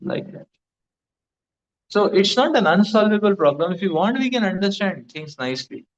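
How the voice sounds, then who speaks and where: A man's voice: high-pitched, lively intonation, moderate pace. A man giving a devotional lecture as a spiritual teacher, rambling with many fillers like "you know". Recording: dull lo-fi recording.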